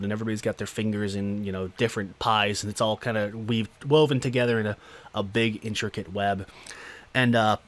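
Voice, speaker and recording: A man's voice: on the low side, a bit bright. A man hosting a podcast, giving an unscripted, rambling solo film review with lots of fillers and casual swearing. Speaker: podcast host.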